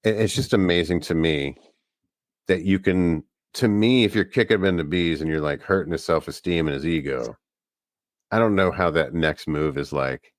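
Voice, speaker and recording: A man with an extremely low, deep voice, chatting loosely and rambling through a story. He's from the US Northeast and co-hosts a podcast. The sound is dry and close, with no room echo. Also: moderate pace. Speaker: podcast co-host. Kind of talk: casual chat.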